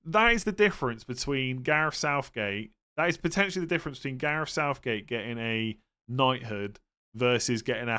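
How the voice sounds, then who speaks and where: A man's voice: medium pitch, clear, resonant tone. Man chatting on a live stream. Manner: relaxed, thinks aloud with fillers and quick verdicts. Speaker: livestream host answering fantasy football questions. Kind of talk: casual live-stream chat.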